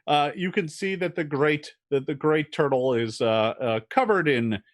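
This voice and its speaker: A man's voice: a little high, lively intonation, no echo, clean studio sound. A man narrating a tabletop game as game master, describing scenes with frequent fillers and restarts. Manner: descriptive, halting with many fillers.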